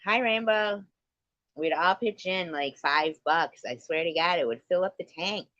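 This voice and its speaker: A woman's voice: on the low side, unhurried, fairly bright tone, no echo, dull audio. A woman hosting a livestream, telling stories in a casual, profane way and laughing often. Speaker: livestream host. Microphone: computer mic on a streaming call.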